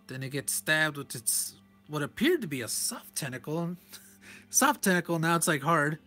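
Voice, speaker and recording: A man with a slightly high voice walks through a comic review in a loose, conversational way. He chuckles often and corrects himself mid-thought. Faint music plays underneath. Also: animated, normal speed, sharp tone. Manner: chuckles often and reads panel text aloud; rambling, self-correcting asides. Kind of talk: casual page-by-page review.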